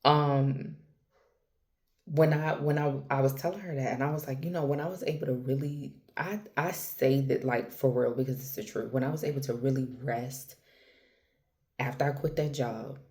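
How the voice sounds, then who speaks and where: A spiritual vlogger speaks from the heart to her viewers in an extremely low, steady voice at a moderate pace. Slangy and personal, she calls the listener girl and baby, trails off and restarts, and grows softer and more intimate toward the end of this casual monologue to camera.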